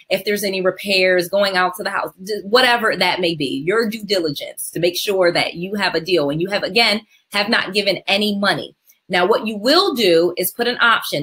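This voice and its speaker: A woman's voice: medium pitch, bright, forceful tone. A middle-aged woman teaching real estate investing on a live call, emphatic and repetitive, checking in with her listeners. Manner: emphatic, repeats key steps, checks in with "okay?".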